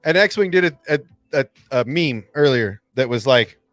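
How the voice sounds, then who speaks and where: A man hosting a fan channel, recapping an episode in casual livestream chat, excitable and acting out lines in voices. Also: medium pitch, normal speed, dry recording, faint music behind. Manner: excitable, acts out quotes in voices.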